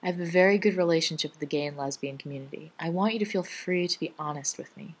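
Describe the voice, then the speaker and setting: A woman's voice: deep voice, fast, slightly rough. A woman voicing a sincere, earnest young male doctor. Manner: firm then gently sincere.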